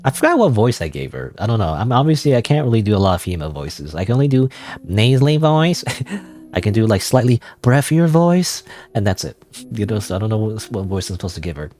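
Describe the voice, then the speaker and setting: A man's voice: on the low side, sing-song, quick pace, a little mellow. A male streamer chatting casually and self-deprecatingly while playing a story game. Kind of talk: gaming livestream commentary.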